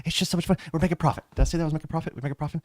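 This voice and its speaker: A man's voice: fairly even intonation, rapid-fire, darkish tone, no room sound, clean studio sound, lightly acted. A man voicing an overexcited, chatty male tavern worker who gushes and apologizes, with a put-on Australian accent, in a tabletop game. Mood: giddy. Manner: squeaky, apologetic, gushing.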